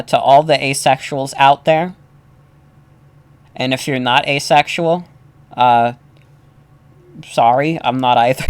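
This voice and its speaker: A man's voice: mid-range voice, a bit bright, smooth. A man giving casual, joking, self-deprecating commentary while streaming a game. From New York.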